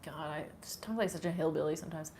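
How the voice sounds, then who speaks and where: A woman's voice: low-pitched, fast talker, a little mellow, slight background noise. A woman from Canada with a mild Canadian accent, hosting a casual livestream chat and reading out viewer messages, giggling and joking about herself. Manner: giggly, self-deprecating, laughs often. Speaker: livestream host.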